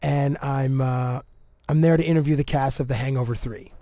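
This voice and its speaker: Canadian man telling a story, mellow voice. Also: medium pitch, moderate pace, no room sound, clean studio sound. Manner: animated, acts out quotes, many fillers. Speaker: podcast guest, TV entertainment reporter. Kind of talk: casual storytelling chat.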